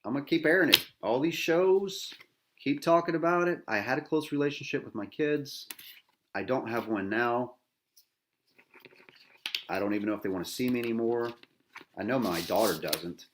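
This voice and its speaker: A man's voice: medium pitch, animated, moderate pace, pauses often, noisy background. A middle-aged man, a veteran host, angry and agitated, delivering a bitter, profane rant full of repetition and rhetorical "right?" tags.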